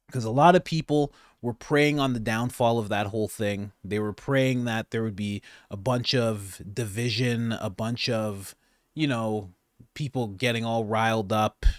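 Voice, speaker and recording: A man hosting casual political commentary, sarcastic and animated, rambling and restarting his sentences. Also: on the low side, no echo, studio quality. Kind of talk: casual commentary on news clips.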